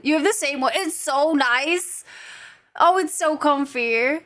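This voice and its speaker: A woman's voice: high voice, slow, fairly bright tone. A young adult woman streamer chatting casually with her viewers. She giggles often and swears freely.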